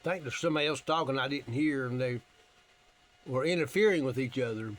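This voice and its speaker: A man from Tennessee, relaxed and plain-spoken, explaining his ham radio as he makes calls. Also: medium pitch, fairly quick, a little hiss or hum. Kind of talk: casual radio demo and on-air calls.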